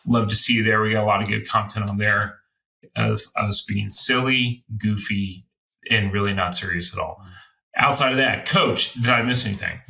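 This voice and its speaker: A man's voice: fairly low pitch, moderate pace, vocal fry, sharp tone. A man hosting a podcast, rambling loosely and playfully through chat and sign-off plugs. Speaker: podcast host.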